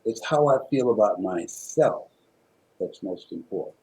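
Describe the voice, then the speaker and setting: With a fairly low, expressive voice and a measured pace, a motivational speaker from Miami, Florida shares a personal story. He sounds like a preacher, repeating phrases rhythmically and swinging sharply between loud and soft, on a rough recording.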